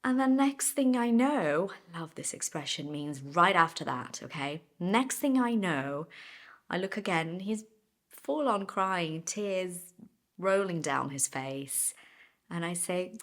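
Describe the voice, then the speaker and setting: A woman's voice: fairly low pitch, animated, takes it slowly, a bit bright. A woman English teacher telling a personal story as a lesson, chatty, laughing now and then, and stopping to explain idioms.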